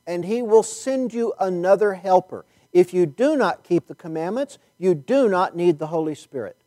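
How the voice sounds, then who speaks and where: A male preacher delivers a sermon in a slightly high voice, leaning hard on key words and repeating phrases. He slows right down to stress a point. The sound is close and dry. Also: expressive, mellow, dry recording. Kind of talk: sermon with Bible reading.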